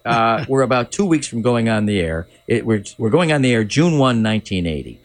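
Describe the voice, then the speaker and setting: A man's voice: mid-range voice, animated, a little fast, no room sound. A man in his sixties, a former entertainment reporter, telling an anecdote as a guest, laughing often and imitating voices. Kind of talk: casual storytelling.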